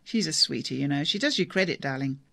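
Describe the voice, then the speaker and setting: Narrator doing a kind husband, soft and affectionate, gravelly, dry sound. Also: male voice, on the high side, expressive, fast, dry recording, exaggerated voice. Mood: gentle. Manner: gentle, affectionate. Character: gentle, reassuring husband.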